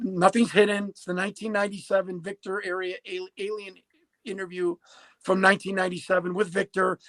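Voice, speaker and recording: A man's voice: high-pitched, fairly bright tone, no echo, low-quality recording. A man in his fifties telling a story as a podcast guest, emphatic and prone to repeating and restarting words. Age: 50s. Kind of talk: animated storytelling.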